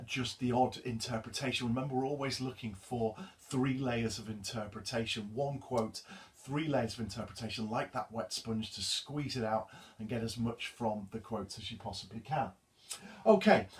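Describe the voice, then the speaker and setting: A man reading a poem aloud, then explaining it as a teacher in an emphatic, measured way, repeating the key lines. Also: mid-range voice, recorded from a distance. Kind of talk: poetry reading and literature lesson.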